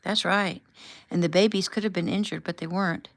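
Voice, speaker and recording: A gentle husband who comforts and reassures in a soft, unhurried way, read by a woman. The voice sits fairly low and sounds close and dry, with no room around it. It stays calm and caring throughout. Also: dry recording, natural voice. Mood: tender. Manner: gentle, soothing. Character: tender reassuring husband, adult man.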